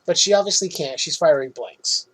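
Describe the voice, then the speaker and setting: A man with a slightly high, husky voice talks through a movie plot as a podcast co-host. His delivery is loose and casual, with swearing and frequent laughter. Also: animated, moderate pace, fairly bright tone, poor audio.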